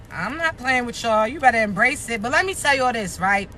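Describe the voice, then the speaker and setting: A woman with a raspy voice and a Maryland accent, giving a blunt, profane motivational talk straight to her viewers. She keeps checking in with them. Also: fairly high pitch, expressive, normal speed, few pauses, sharp tone, a little hiss or hum. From Maryland, United States. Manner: blunt, profane, streetwise, keeps asking "you understand me?". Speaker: motivational social media creator. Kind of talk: casual motivational talk to camera.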